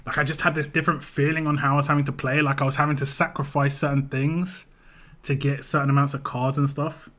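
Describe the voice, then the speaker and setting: A man's voice: on the high side, fairly bright tone. A man with a British accent, chatting casually on a live stream, rambling and often repeating his words. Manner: rambling, repeats words, reads chat aloud.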